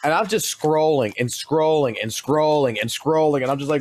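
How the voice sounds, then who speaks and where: A man's voice: a little high, moderate pace, few pauses, a little mellow, a little hiss or hum. A man streaming live, talking casually and swearing constantly as he rants to his chat. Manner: profane and blunt, swears constantly.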